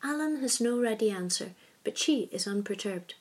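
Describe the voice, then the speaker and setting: A woman narrating a story in a soft, hushed reading voice. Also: on the high side, expressive, moderate pace, hardly any pauses, breathy edge.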